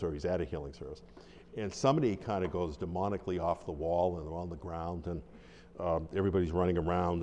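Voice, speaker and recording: A man's voice: deep voice, warm tone, a little hiss or hum. A man from Buffalo, New York teaching about deliverance ministry in an informal, rambling way, telling stories and acting out the quotes. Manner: rambling storyteller, acts out quotes with laughs. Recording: long hall reverb.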